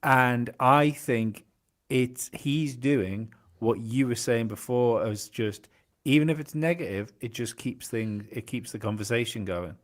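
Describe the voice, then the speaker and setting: A man's voice: mid-range voice, measured pace. A man co-hosting a podcast in casual chat, hesitant and often restarting his sentences. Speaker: podcast co-host.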